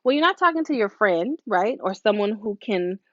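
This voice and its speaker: A woman's voice: mid-range voice, lively intonation, moderate pace, fairly bright tone, no echo, dull audio. A woman hosting a live motivational talk as a hair stylist, speaking casually and preachily and acting out voices she quotes. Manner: casual, with many fillers and asides.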